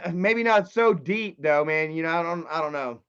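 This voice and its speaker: A man hosting a casual livestream, reading chat and commenting in an excitable, profane way that swings from loud outbursts to low muttering. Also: moderate pace, clear, resonant tone. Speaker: livestream host. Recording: dull lo-fi stream audio.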